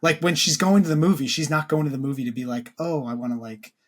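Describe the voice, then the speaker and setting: A man with a fairly high voice talks through a film in a loose, rambling way. He fills his sentences with "like" and "you know" and restarts often, and he sounds earnest as he works toward his point. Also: fairly even intonation, quick pace. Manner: rambling, heavy use of "like", earnest. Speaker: podcast co-host. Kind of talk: casual film discussion.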